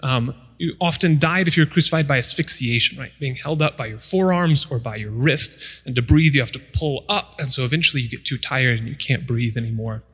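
A man's voice: medium pitch, fairly quick, a bit bright, husky, in a large hall. A man preaching a sermon, retelling scripture stories and acting out the people in them. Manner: storytelling, acts out voices of the people in the story. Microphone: microphone.

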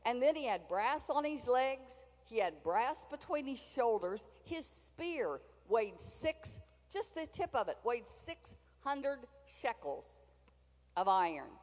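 A woman's voice: a little high, big pitch swings, slow pace, big-room sound. An older woman preaching a sermon in a chatty, folksy way, with asides to the congregation.

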